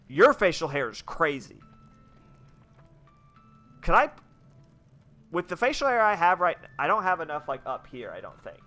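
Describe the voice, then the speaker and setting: Young man, gaming commentary, bright forceful voice, rambly, faint game music. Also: medium pitch, very animated, normal speed, pauses often. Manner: rambling, many "like"s and restarts. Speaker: game streamer. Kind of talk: casual let's-play commentary.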